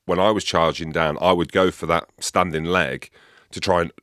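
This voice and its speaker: A man's voice: sits low, fairly even intonation, moderate pace, a bit bright, clear, resonant tone, dry recording, clean studio sound. A man from Scotland, a former rugby player, hosting a podcast in easygoing casual chat and reading out listener questions.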